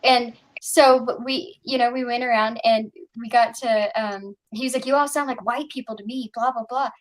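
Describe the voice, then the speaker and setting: Woman, high voice, casual stream panelist, animated storyteller. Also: normal speed. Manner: animated storytelling, quoting others. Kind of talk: casual chat.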